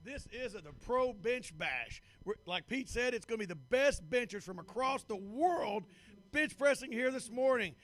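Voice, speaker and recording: A hoarse man announcing and interviewing at a live powerlifting meet, upbeat and eager, affirming his guest often. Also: very high voice, animated, normal speed, fairly bright tone, soft background music.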